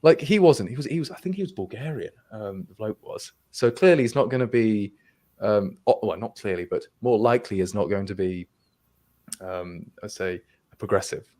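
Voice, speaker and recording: A man's voice: on the low side, normal speed, darkish tone. A young Englishman with an English accent on a video call, telling a wry story in casual chat, with many restarts and quoted back-and-forth. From England.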